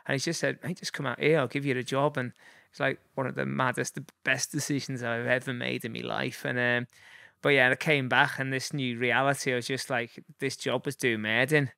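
A man's voice: medium pitch, level tone, a little fast, vocal fry, bright, forceful tone, no echo, clean studio sound. A man in his forties with a Liverpool accent, telling rambling anecdotes as a guest, full of fillers and chuckles. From Liverpool, England. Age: 40s. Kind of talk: casual storytelling.

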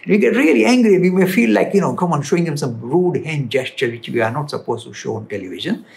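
A man with an Indian English accent, answering viewer questions in an animated, emphatic explanatory talk. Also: on the high side, fast, gravelly. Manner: animated, emphatic, rises when stressing points. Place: London studio.

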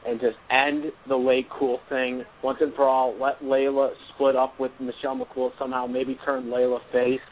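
A man's voice: mid-range voice, flat delivery, normal speed, few pauses, slight background noise, rough recording. A man talking as a panelist on a talk show, blunt and repetitive with many ums. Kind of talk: casual chat.

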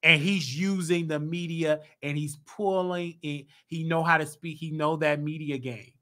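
Guy w/ hosting his own show, bright tense voice, gets loud and worked up. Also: a little high, measured pace. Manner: animated, rising to emphatic outbursts. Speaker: show host. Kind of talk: solo commentary show.

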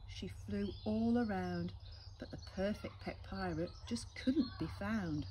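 A woman primary school teacher with an English accent reading a storybook aloud to young children, gently asking them questions. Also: medium pitch, takes it slowly, slight background noise.

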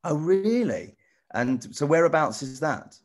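A middle-aged man chatting casually with children over a video call, rambling and halting with lots of restarts. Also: on the high side, sing-song. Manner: rambling, halting, full of restarts and "you know". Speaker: celebrity guest answering children's questions. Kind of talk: casual friendly chat with children.

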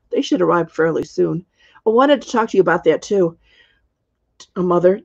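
A woman's voice: mid-range voice, lo-fi sound. A woman reading the lines of an anxious young princess who is part dragon, pleading and worried.

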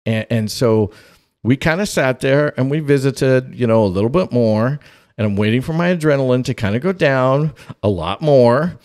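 This is a man with a mid-pitched voice telling a story on a podcast. He delivers it in an animated, humorous way and laughs often as he goes. His delivery swings between eager and hushed. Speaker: podcast host.

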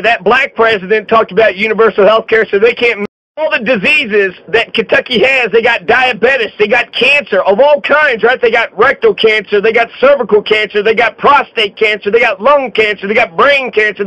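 A man giving an opinionated political monologue, blunt and repetitive, filling pauses with "you know". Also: very high voice, bright, forceful tone, dull audio. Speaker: political commentator.

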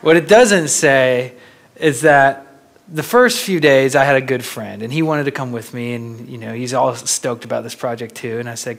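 A young man from Florida giving a talk as a photographer, telling stories in a lively way and laughing often. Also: medium pitch, moderate pace, vocal fry. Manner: animated, laughing storyteller. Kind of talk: storytelling lecture.

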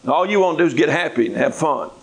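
A man voicing God as blunt and impatient, gruffly brushing off a complaining believer. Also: a little high, animated, fast, low-quality recording. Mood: exasperated. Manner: gruff, dismissive, matter-of-fact.

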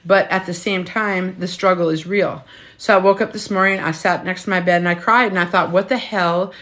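At a moderate pace and with a steady tone, this woman speaks in a lowish, somewhat bright voice. She's in her fifties, a menopause health coach, casually live-stream chatting on her phone at home, frank and freely profane.

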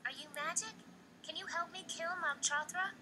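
A woman voicing a calm young heroine while reading game dialogue aloud in a dry, deadpan way. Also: extremely high pitch, normal speed, exaggerated voice.

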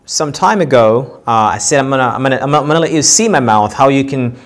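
Talking quickly with lively intonation, this medium-pitched English teacher with a Sudanese accent walks viewers through a casual pronunciation lesson on camera. He keeps repeating words and restarting as street traffic goes by behind him.

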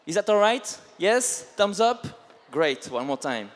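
A man with a high voice leads a line dance class at an unhurried pace. He checks in with the dancers after each step, and a long reverb from the large hall trails his words. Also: big pitch swings. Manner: slow, checks in often with the class. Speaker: line dance choreographer teaching. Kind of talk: live dance instruction.

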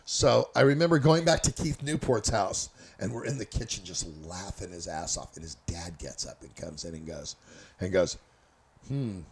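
A man's voice: deep voice, moderate pace, vocal fry, husky. A man from Northern California telling a loose, rambling, profane story in a casual chat. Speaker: storyteller guest.

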